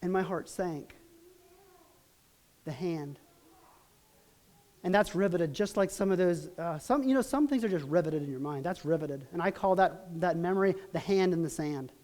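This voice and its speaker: A middle-aged man preaching a sermon as pastor, telling stories in an earnest, halting way with many restarts. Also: sits high, a little mellow.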